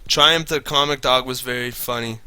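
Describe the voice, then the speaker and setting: A man's voice: mid-range voice, steady tone, moderate pace, sharp tone, clear, resonant tone. A slightly tipsy man chatting casually while streaming a game, rambling, swearing and laughing. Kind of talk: casual chat while gaming.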